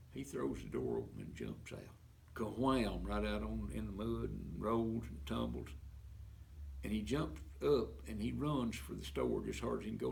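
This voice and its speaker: Casting: male storyteller, gravelly, low, lively folksy delivery. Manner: folksy Southern storyteller with sound effects. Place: library event.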